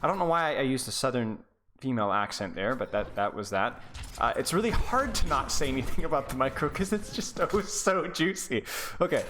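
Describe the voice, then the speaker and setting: A man's voice: medium pitch, lively intonation, fairly quick, a bit bright, a little hiss or hum. A young man coaching as he reviews a game, sarcastic and mocking, breaking into laughter. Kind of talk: live gameplay review coaching.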